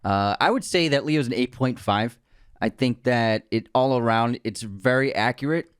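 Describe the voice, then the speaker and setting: A man's voice: medium pitch, moderate pace, clean tone, no echo, clean studio sound. A man co-hosting a podcast in casual chat, agreeable, running the segments and handing out scores. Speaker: podcast co-host.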